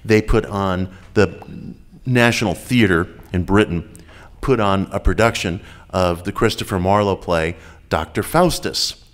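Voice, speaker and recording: A man giving a measured public lecture over a video call, slowing down and repeating key phrases for emphasis. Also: sits low. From United States.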